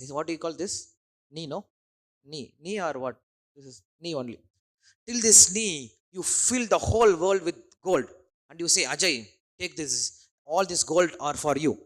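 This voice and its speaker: A man preaching a sermon, often repeating phrases and checking in with his listeners. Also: fairly high pitch. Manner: questioning the audience with tag words like "huh?".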